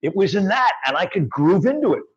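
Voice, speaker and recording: A man chatting casually on a podcast, telling animated, profane stories with emphatic bursts. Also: sits high, brisk, slightly rough, highs cut off. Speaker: podcast co-host, actor. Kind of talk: casual chat.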